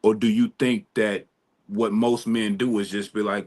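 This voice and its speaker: A man's voice: on the low side, fairly even intonation, normal speed. A man hosting a casual podcast discussion, using slang and putting questions to his guests. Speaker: podcast host.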